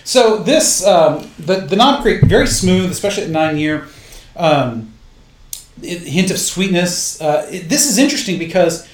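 A man chatting casually on a podcast, rambling through thoughts with plenty of fillers. His voice sits a little high. He sounds set back from the mic in an echoey room. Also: measured pace, a little hiss or hum. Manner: relaxed, rambling with many fillers. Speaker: podcast co-host. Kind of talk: casual chat. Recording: roomy echo, distant mic.

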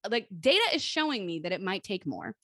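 A woman's voice: mid-range voice, very animated, brisk, pushed and bright, no echo, clean studio sound. A woman in her thirties co-hosting a chatty podcast, talking bluntly and swearing freely. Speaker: podcast co-host. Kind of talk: casual chat.

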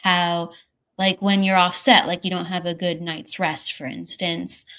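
Low-voiced woman, reflective and measured. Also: little pitch movement, fairly bright tone, clean tone. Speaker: psychic medium, guest. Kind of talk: casual podcast conversation.

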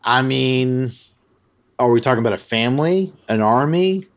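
A man's voice: mid-range voice, animated, moderate pace. A man hosting a podcast who retells a story in a loose, chatty way, full of "like" and other fillers. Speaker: podcast host. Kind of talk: casual storytelling chat.

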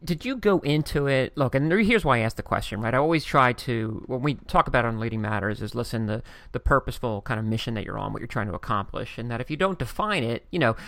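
Quick-talking male host, effusive, long rambling questions, dry close sound. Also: medium pitch, animated, vocal fry, fairly bright tone, no echo. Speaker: podcast host, interviewer. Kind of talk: casual interview chat.

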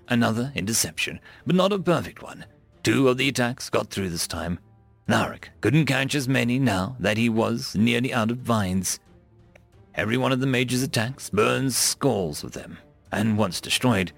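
A man's voice: medium pitch, gravelly, fairly bright tone. A man narrating an audiobook, telling the story steadily and voicing each character.

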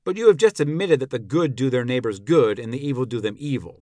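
Guy reading as old philosopher on trial, sharp rhetorical questions, dry close sound. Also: mid-range voice, animated, fast, no echo, natural voice. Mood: probing, indignant. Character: elderly male philosopher on trial, probing and ironic. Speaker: podcast narrator. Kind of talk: dramatic reading of a classical dialogue.

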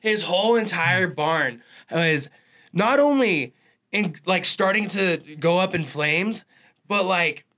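A man spinning a long, profane yarn in casual conversation, with a bright, forceful edge to his voice. His pitch sits a touch high for a man, and he tells the story fast and animated. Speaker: podcast guest.

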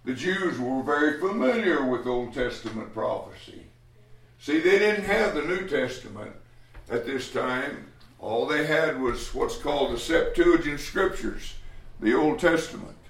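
A man's voice: a little high, expressive, a little slow. A man preaching a sermon, emphatic, acting out the quoted speech of others and sometimes restarting a phrase. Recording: echoey room.

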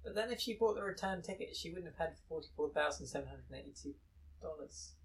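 A woman's voice: low voice, lively intonation, slightly rough, rough recording. A woman around forty in a casual chat, dry and teasing, picking holes in the story she is told. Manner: dry, teasing, quick to question the plot.

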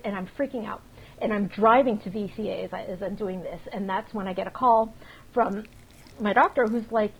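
Gravelly woman telling fast, swearing stories. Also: mid-range voice, dull audio, slight background noise. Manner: rapid animated storytelling, frequent swearing. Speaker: podcast co-host. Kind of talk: casual chat.

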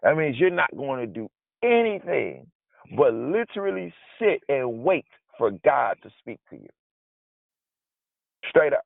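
A man preaching a conversational sermon, informal and animated, acting out his frustration in asides. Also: mid-range voice, unhurried, vocal fry, long pauses, no room sound. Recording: dry, tinny phone-like sound.

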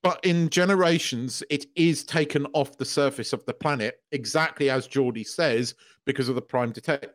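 A man's voice: medium pitch, normal speed, hardly any pauses. A man co-hosting a podcast, gushing and swearing as an emotional fan in casual chat. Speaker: podcast co-host.

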